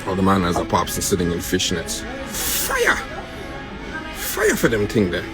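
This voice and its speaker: A man's voice: deep voice, big pitch swings, brisk, music in the background. A man ranting and taunting on a phone livestream, breaking into sing-song chants. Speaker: rapper on a livestream. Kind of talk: rowdy livestream rant.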